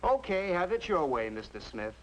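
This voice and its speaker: A man's voice: high voice, sing-song, moderate pace, a little hiss or hum, rough recording. An actor playing a defiant, sarcastic young man in a 1950s TV sitcom. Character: cocky young man, stubborn rival pal.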